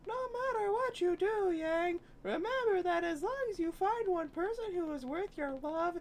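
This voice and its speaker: A soft, fatherly storybook dad speaks gently and earnestly to his daughter, as a man reading aloud puts him on. His voice sits well above the reader's own. A faint hiss of noise lies under it. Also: very high voice, lively intonation, moderate pace, voice pushed up. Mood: tender. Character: tender loving father advising his daughter.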